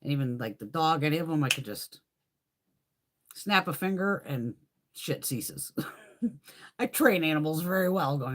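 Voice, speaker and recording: A woman's voice: sits low, lively intonation, unhurried, long pauses. A middle-aged woman chatting casually on a live stream, telling stories with lots of swearing and frequent laughter. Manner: profane, storytelling, laughs often. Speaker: beauty vlogger hosting a live chat.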